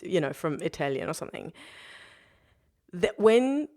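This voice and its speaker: A woman talks through a casual podcast chat in a voice pitched a bit low. She is animated, laughs often and breaks off to restart her sentences. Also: a little slow. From Australia. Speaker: podcast co-host.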